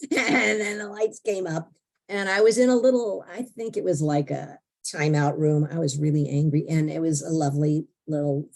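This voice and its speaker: Animated older woman telling her story. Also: fairly low pitch, normal speed, creaky. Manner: animated, expressive, acts out her own thoughts. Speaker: interview guest. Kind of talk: emotional personal storytelling.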